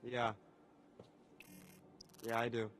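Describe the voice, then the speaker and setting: A man's voice: medium pitch, monotone, extremely slow, a bit bright, slight background noise. An actor playing a young man camp counselor who is embarrassed and guarded in a game cutscene. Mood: subdued.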